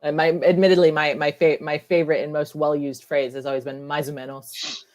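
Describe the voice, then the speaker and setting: A man's voice: on the high side, flat delivery, a little fast. A man co-hosting a casual chat and talking at length, with frequent restarts. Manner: talkative, restarts often. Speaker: podcast co-host.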